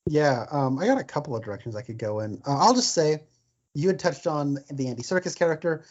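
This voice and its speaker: A man's voice: on the high side, brisk, darkish tone. A man co-hosting a podcast, chatting about a film full of fillers and quoting favourite lines. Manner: chatty, quotes lines in silly voices, filler-heavy. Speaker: podcast co-host. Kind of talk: casual film discussion. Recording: dull lo-fi sound.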